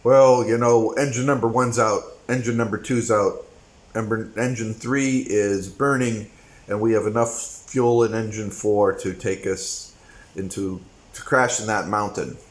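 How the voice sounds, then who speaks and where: An airline pilot reporting failing engines with flat, unbothered calm, as a man acts him out. The delivery is matter-of-fact and steady, with a slightly raised volume. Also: on the low side, measured pace, close to an everyday voice. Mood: unflappable.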